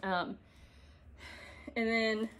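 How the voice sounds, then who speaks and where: A woman's voice: a little high, steady tone, drawn-out words, fairly bright tone. A woman chatting casually to camera at home as a cross-stitch vlogger, giggly and self-deprecating, filmed by a camera set on an ironing board. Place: home, indoors.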